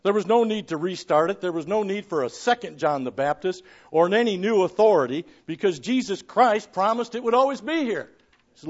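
Preaching man with a high, rising voice. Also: expressive, fairly quick, lo-fi sound. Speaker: pastor. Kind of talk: sermon.

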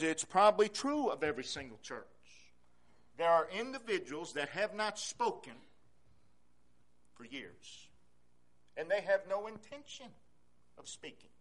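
Guy pastor preaching in church, kinda high voice, repeats stuff, goes soft then loud. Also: sing-song, a little slow, long pauses. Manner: emphatic preaching, swinging from soft to loud, repeats key phrases. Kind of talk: sermon.

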